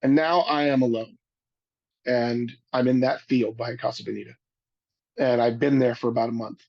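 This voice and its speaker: A man giving a webinar talk, telling a personal story in an earnest, halting way, often restarting his sentences. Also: mid-range voice, steady tone, gravelly, lo-fi sound. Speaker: webinar speaker.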